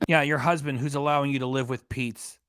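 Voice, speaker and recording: A man's voice: mid-range voice, steady tone, fairly quick, fairly bright tone, smooth, no echo. A man hosting a reaction channel, talking over a livestream with mocking, profane, scornful commentary.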